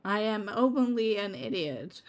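A woman streaming a game, chatting casually with her viewers by name and laughing often. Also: medium pitch. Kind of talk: casual live-stream chat while gaming.

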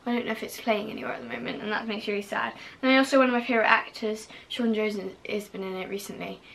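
A woman's voice: a little high, fairly even intonation, very fast, creaky, a bit bright, slight background noise. A young woman vlogging casually to camera, gushing and full of fillers, now and then dropping to a whisper.

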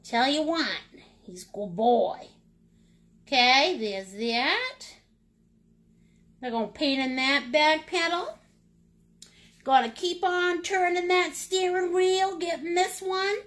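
Chatty middle-aged lady running a live paint class, high bright voice, bouncy and slow, calls everyone honey. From Maine, United States. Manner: playful, chatty, pet names and silly sound words. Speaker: painting instructor.

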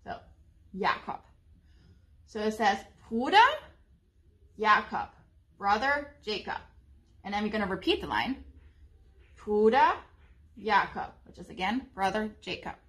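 A woman teaching young children, speaking slowly and simply, with frequent pauses and ums. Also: mid-range voice, animated, fairly bright tone. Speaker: preschool teacher. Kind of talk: slow, gentle lesson for young children.

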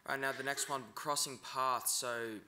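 A man's voice: mid-range voice, steady tone, bright, forceful tone, slight background noise. A man teaching pronunciation at a conference, breaking each word into syllables. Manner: slow, breaks words into syllables. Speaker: language teacher.

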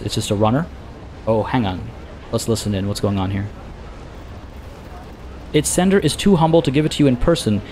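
A man's voice: medium pitch, a little mellow. A man in a mid-range voice talking through his gameplay in a casual, chatty way. He thinks aloud with loose asides and fillers, over faint game music. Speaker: let's play gamer.

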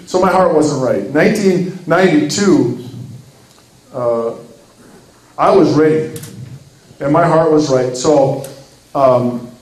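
A man's voice: on the high side, takes it slowly, pauses often, darkish tone, echoey room, poor audio. A man in his fifties from Minnesota giving an earnest, sermon-like talk, telling a story with acted quotes. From Minnesota, USA. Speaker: ministry speaker.

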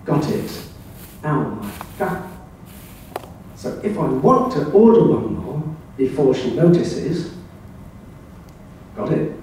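An older man from England gives a club talk with slides and tells wry little anecdotes. His voice is mellow and a touch higher than most men's. It comes from far off in a very echoey room with faint hiss. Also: very animated, takes it slowly. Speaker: club speaker. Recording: very echoey room, voice heard from afar.

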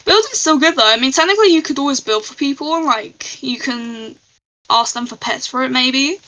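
A woman's voice: sits high, expressive, fairly quick, bright, forceful tone, lo-fi sound. A woman live-streaming a game, chatting casually and giggling as she reads out her chat.

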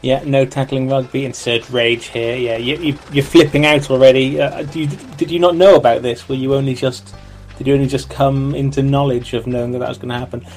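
A man's voice: mid-range voice, fairly even intonation, a little fast, a little mellow, faint music behind. A man co-hosting a game stream, chatting loosely and greeting viewers. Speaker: co-host of a gaming stream. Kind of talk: casual let's-play chat.

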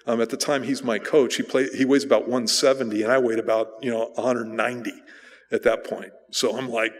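A male pastor preaching, telling a personal story in a relaxed, conversational way with fillers and restarts. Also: mid-range voice, a little fast. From United States. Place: church sanctuary. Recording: church sanctuary reverb.

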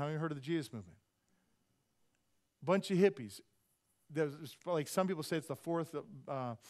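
A middle-aged man preaching a sermon as senior pastor, telling stories and acting out quotes with laughs. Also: on the high side. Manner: animated storytelling, acts out quotes with laughs. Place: church sanctuary.

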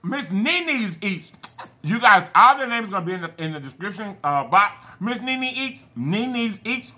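High, sharp-toned man chatting to viewers. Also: animated, normal speed. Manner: affectionate, giving shout-outs to fans; stumbles over names and corrects himself. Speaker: mukbang channel host. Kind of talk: casual chat to viewers while eating.

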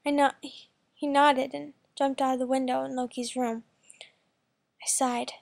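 A woman reading a first-person fan fiction story aloud in a plain, quick way. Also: high voice, little pitch movement, creaky. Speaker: story reader.

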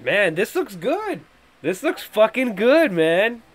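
A man hosting a podcast, reacting casually to a movie trailer. He thinks out loud, gets excitable and swears constantly. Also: high voice, slow pace. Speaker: podcast host.

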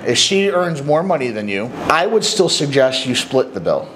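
A middle-aged dating coach speaks straight to the camera, offering men blunt, emphatic advice and acting out little bits of dialogue. His mid-range voice is sing-song and a bit bright at a moderate pace, on a rough recording with slight background noise.

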